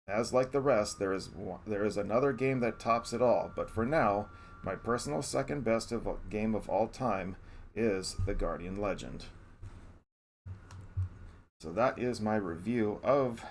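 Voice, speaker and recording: A man's voice: lowish voice, slight background noise. A man reading out his review of a favourite retro game on a live stream, earnest and often restarting his sentences. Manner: earnest, self-correcting restarts.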